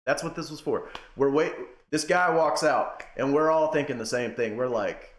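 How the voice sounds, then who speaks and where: A young man giving a casual rant to camera, emphatic, swinging between loud outbursts and low muttering. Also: moderate pace, hardly any pauses, echoey room. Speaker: wrestling commentator.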